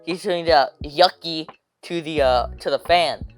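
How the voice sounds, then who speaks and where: A young man telling a rambling, slangy storytime rant, hopping into quick voices for quotes. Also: a little high, soft background music.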